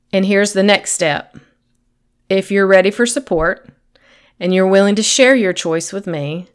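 A woman hosting a faith-based coaching podcast, talking straight to her listener in an earnest, encouraging way and voicing the listener's thoughts as quotes. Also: medium pitch. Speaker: podcast host and sobriety coach.

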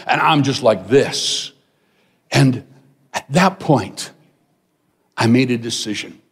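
A middle-aged man preaching a sermon, telling a personal story with animated asides to the congregation. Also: medium pitch, normal speed, slightly rough. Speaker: pastor. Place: large church hall. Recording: long hall reverb.

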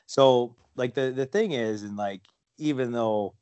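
A man's voice: mid-range voice, measured pace, a little mellow, no room sound, lo-fi sound. A man chatting casually on a podcast, rambling with lots of fillers and restarts. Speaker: guest, fighter and wrestler.

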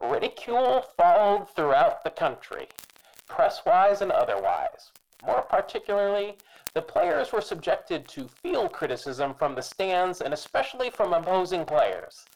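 A man's voice: high-pitched, very animated, measured pace, vocal fry, voice pushed up, heavily acted, low-quality recording. A man putting on an old-fashioned voice for a formal, stiff male baseball executive from long ago.

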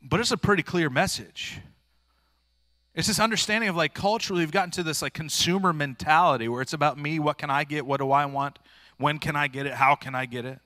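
Male preacher, earnest, plain-spoken, bright forceful voice, dry close sound. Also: on the high side, fairly quick, dry recording. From rural area. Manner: earnest, plain-spoken, informal with frequent restarts. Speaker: pastor. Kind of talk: sermon.

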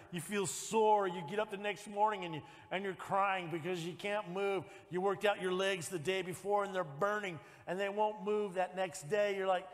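Guy preaching in church, folksy, keeps asking amen, kinda high voice, hall echo. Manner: folksy, call-and-response "amen?" asides, builds to shouting peaks. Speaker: pastor. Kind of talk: sermon. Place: church sanctuary.

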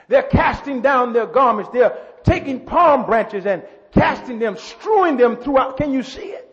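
A pastor preaching a sermon. He builds to shouts, repeats words and calls out to the congregation. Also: very high-pitched, expressive, unhurried, hardly any pauses. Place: church. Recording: muffled church hall with long echo.

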